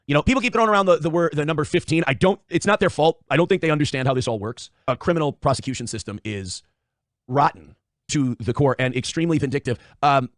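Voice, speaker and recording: A man's voice: fairly high pitch, no room sound, studio quality. A man in a casual livestream monologue, blunt and profane, often circling back to the same points. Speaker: streamer.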